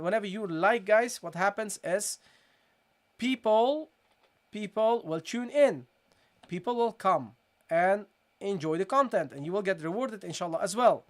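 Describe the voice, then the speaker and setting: Tajweed teacher doing a live lesson, says okay guys a lot, repeats stuff, slows way down for the recited bits, middle pitch. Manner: repeats points, keeps checking in with "okay?" and "guys"; switches between English explanation and slow, drawn-out recited demonstrations.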